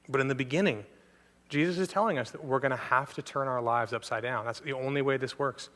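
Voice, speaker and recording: A man's voice: medium pitch, a bit bright. A man preaching a sermon as pastor, speaking earnestly and addressing listeners directly again and again. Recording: long hall reverb from a church.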